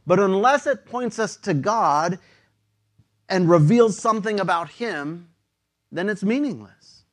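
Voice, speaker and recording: A man's voice: sits high, expressive, measured pace. A man preaching a sermon in a casual, conversational way, using slang and often repeating words.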